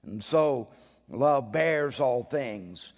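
A man preaching a dramatic sermon, swinging between loud bursts and hushed asides, acting out the quoted voices with wry humor. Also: medium pitch, lively intonation, drawn-out words. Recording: dull recording with a long hall reverb.

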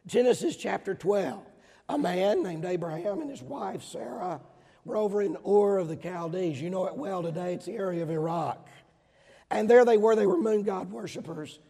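A middle-aged man from Georgia with a Southern accent, preaching a sermon emphatically, swinging between loud stressed words and quieter asides. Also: high voice, normal speed, creaky. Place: large hall with audience. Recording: hall reverb.

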